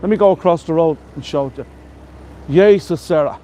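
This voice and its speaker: Against faint traffic and street sounds, a man from Ireland guides a live walking tour of city streets, giving shout-outs to viewers. His warm, higher-leaning voice is fairly quick, and as a chatty, enthusiastic tour guide he showers the buildings he points out with superlatives.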